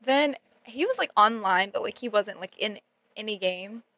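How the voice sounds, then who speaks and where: A young woman vlogger telling a story in a casual, animated way, giggling often and saying "like" a lot. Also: medium pitch, normal speed, no room sound, muffled recording. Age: young adult.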